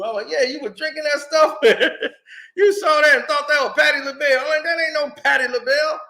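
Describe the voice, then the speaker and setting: Man, high voice, casual storytelling host, animated, echoey room. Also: a little fast. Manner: animated, acts out quotes, laughs often.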